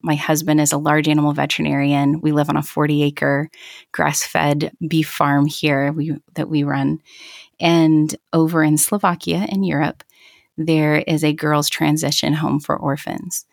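A woman in her thirties tells her own story as an interview guest. Her voice sits low with a gravelly fry, and she speaks earnestly and reflectively, circling back to restart her thoughts. The sound is dry and close. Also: flat delivery, a little slow, no echo. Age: 30s. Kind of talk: personal testimony in an interview.

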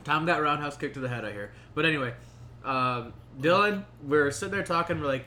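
A man's voice: fairly high pitch, brisk, bright, forceful tone, a little hiss or hum. A man hosting a podcast in loose, joking casual chat, swearing freely. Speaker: podcast host. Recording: roomy echo.

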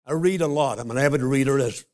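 An older man preaching a sermon, a folksy storyteller who slows down to stress scripture. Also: medium pitch, darkish tone. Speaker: pastor.

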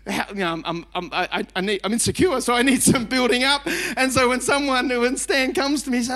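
A middle-aged man preaching a lively sermon as pastor, emphatic and chatty, with repeated phrases and self-mocking asides. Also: very high voice, a little fast, few pauses. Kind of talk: energetic sermon.

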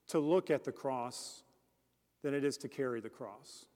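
A man's voice: mid-range voice, unhurried, darkish tone. A man preaching a sermon as a deacon, earnest and speaking directly to the congregation with questions. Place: church. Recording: long church reverb.

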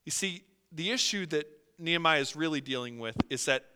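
A man's voice: fairly high pitch, fairly quick, hardly any pauses, smooth, big-room sound. A male pastor preaching a sermon, telling stories and acting out the quotes in them. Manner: animated storytelling with acted-out quotes.

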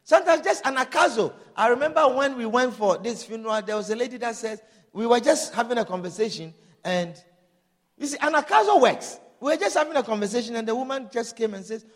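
A man's voice: very high-pitched, expressive, a little fast, big-room sound. A man preaching a sermon as a pastor, emphatic and punctuating his points with calls of amen and hallelujah. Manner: emphatic preaching with call-and-response amens.

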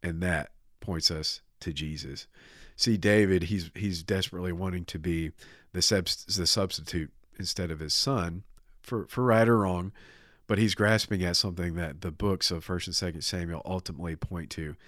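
A man's voice: low voice, moderate pace, no room sound, studio quality. A man preaching a sermon, retelling a scripture story casually and acting out the characters' lines. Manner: animated retelling with voiced quotes, casual fillers. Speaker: pastor.

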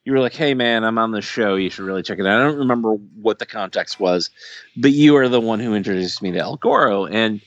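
A man's voice: on the low side, quick pace, no echo, lo-fi sound. A man co-hosting a podcast in casual chat, rambling and self-deprecating, with lots of restarts. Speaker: podcast co-host. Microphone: podcast microphone.

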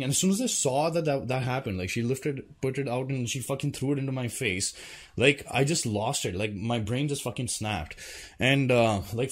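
A man recounting a personal story to his audience in a casual vlog. He rambles, restarts his sentences and fills them with swearing and fillers as he goes. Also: mid-range voice. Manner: rambling, profane, full of fillers. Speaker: vlogger.

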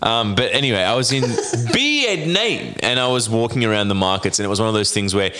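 A man's voice: on the low side, expressive, brisk, over music. A man co-hosting a casual podcast, swearing freely and laughing as he tells a rambling story. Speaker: podcast co-host. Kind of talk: casual chat.

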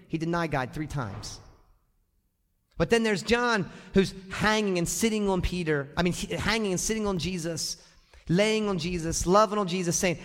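A male pastor preaching an animated sermon to his congregation, often acting out the people in his stories. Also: high-pitched, moderate pace. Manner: animated, acts out quoted voices, addresses the congregation directly. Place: church sanctuary. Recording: long church reverb.

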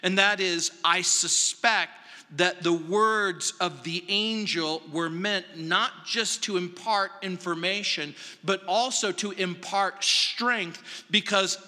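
Slow, bright-voiced preaching pastor. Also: male voice, high-pitched, in a large hall. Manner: slow, emphatic preaching with long pauses, dropping soft for stress. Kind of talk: verse-by-verse sermon. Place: large church sanctuary.

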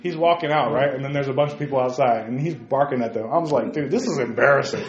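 A man preaching a sermon in a church, animated, swinging from quiet asides to shouts and calling listeners by name. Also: medium pitch, quick pace, reverberant, dull audio, crowd noise. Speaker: pastor. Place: church sanctuary.

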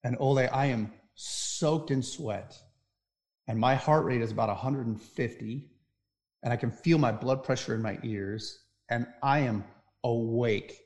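A man, a podcast guest, telling a personal story in conversation, intense and vivid, swinging between loud bursts and hushed passages. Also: medium pitch, measured pace.

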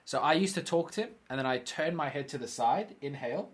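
A man co-hosting a casual chat, telling long stories with swearing and quick impressions of the people in them. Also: fairly high pitch, husky. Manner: animated, swearing, acts out quoted people.

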